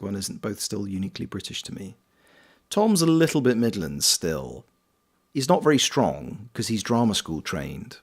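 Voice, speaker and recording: Lively low-voiced man chatting on stream. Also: slightly rough. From Wales. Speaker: streamer and voice actor. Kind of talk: casual live-stream chat while gaming, reading chat aloud.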